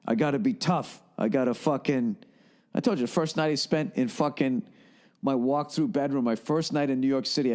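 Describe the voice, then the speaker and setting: A man's voice: mid-range voice, darkish tone. A man in his forties with a Boston accent, hosting a podcast and telling a long, profane, rambling story in a blunt, casual way. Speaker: podcast host.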